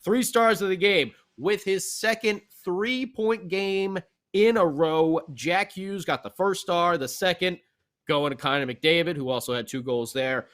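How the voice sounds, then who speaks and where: Male podcast host, fast excitable fan energy, slightly high voice. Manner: animated, fast, fan-like enthusiasm. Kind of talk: excited sports talk recap.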